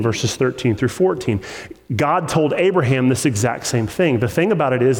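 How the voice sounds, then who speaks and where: Earnest pastor preaching in a reverberant hall. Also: male voice, medium pitch. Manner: earnest, with repetition for emphasis and rising intensity. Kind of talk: sermon.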